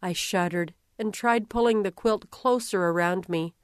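A woman reading a first-person story aloud in a measured, gentle way. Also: mid-range voice, no room sound, studio quality. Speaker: reader.

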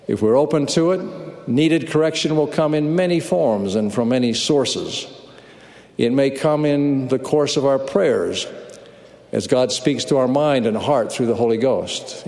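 A man giving a conference sermon, telling a story in a measured, earnest way. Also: medium pitch, darkish tone. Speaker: church speaker. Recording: long hall reverb.

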